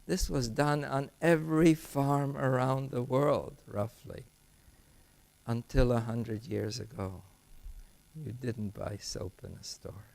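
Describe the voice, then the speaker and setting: Older man lecturing in a gravelly voice. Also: mid-range voice, steady tone, takes it slowly, darkish tone. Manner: thoughtful, digressive, with frequent restarts and fillers. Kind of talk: academic lecture. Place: lecture hall.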